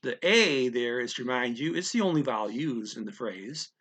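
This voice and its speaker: A man's voice: mid-range voice, expressive, normal speed, fairly bright tone. A man teaching a language lesson in a casual way, explaining step by step and often checking in with "okay?" and "right?".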